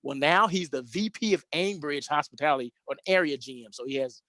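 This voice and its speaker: This hospitality show host spins rambling, chatty anecdotes from his time in the hotel business, full of restarts and self-corrections. He speaks fairly quickly in a slightly high, somewhat bright voice with lively intonation, and there's no echo.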